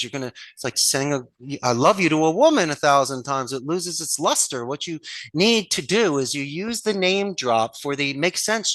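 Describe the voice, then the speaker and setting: A man from Philadelphia talks as an interview guest in a fairly high voice that swings widely up and down. His tone is bright and punchy, and he acts out calls with emphatic energy. The recording is close and dry. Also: no room sound. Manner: emphatic, acts out phone calls and his own quoted lines; laughs often while telling stories. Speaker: guest, call center business owner. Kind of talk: animated interview talk.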